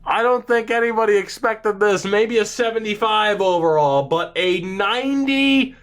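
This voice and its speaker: A man commentating on a hockey video game, stunned and overexcited, swearing and laughing, his voice jumping high and refusing to come down. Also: moderate pace, a bit bright. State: overexcited, voice raised. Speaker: gaming YouTuber. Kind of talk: excited gameplay commentary.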